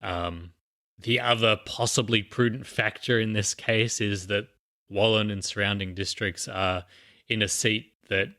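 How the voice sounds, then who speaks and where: Male podcast co-host, lowish bright voice, rambling casual explainer. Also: fairly even intonation, a little slow. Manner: rambling explainer with many fillers and restarts. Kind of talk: casual chat.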